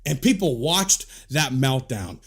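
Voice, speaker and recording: A man's voice: mid-range voice, big pitch swings, takes it slowly, husky. A man delivering a heated, profanity-filled rant to camera, scolding and repeating himself. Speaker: commentator.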